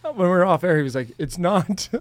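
A man's voice: high voice, sing-song, rapid-fire, dry recording. A man co-hosting a podcast, joking and playful. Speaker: podcast co-host.

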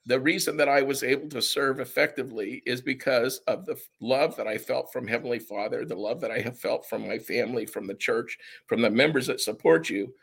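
Man, interview guest, earnest and reflective, rough fry, breathy edge. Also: mid-range voice, a little fast, few pauses, fairly bright tone. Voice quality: gravelly, husky. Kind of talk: conversational interview.

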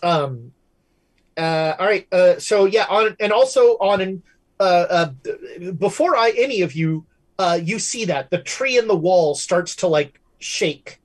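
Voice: mid-range voice, lively intonation, measured pace, poor audio. A game master running a tabletop horror game for players, talking loosely with many fillers and restarts.

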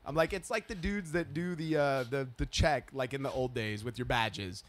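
A man's voice: mid-range voice, moderate pace. A man hosting a podcast, telling a story in casual chat and acting out the people in it. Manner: animated storytelling, acting out quotes. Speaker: podcast host.

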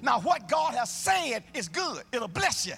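A man pastor preaching a sermon live in a church, with a call-and-response, sing-song delivery that swells into shouts, and folksy, colloquial phrasing. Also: very high voice, big pitch swings, a little slow, vocal fry, faint music behind. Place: church sanctuary, live service.

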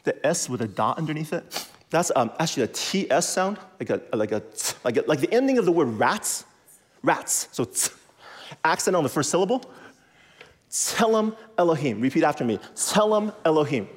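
A man preaching to a congregation in a lively, conversational way, repeating phrases for emphasis and leading the audience to say words back. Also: fairly high pitch, fairly quick. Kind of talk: animated sermon with audience call-and-response.

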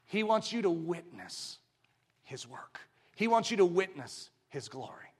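A man preaching a sermon, swinging from quiet, probing questions to drawn-out shouted proclamation. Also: sits high.

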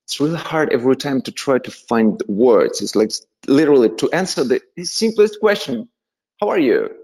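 A man's voice: medium pitch, moderate pace, husky. A young man from Russia with a Russian accent, telling stories as an interview guest and acting out quoted voices. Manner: animated, acts out quoted voices, laughs often. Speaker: guest, musician. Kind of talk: casual storytelling.

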